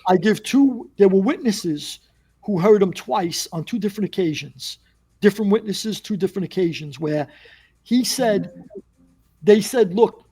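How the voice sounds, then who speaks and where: A man's voice: sits high, normal speed, breathy edge. A man telling a long story as a podcast guest, acting out what people said. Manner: animated storyteller, acts out quotes. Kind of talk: casual storytelling.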